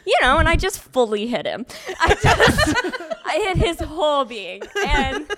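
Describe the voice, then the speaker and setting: A woman's voice: sits high, very animated, unhurried, a bit bright. A young adult woman in casual chat, telling a story and laughing often.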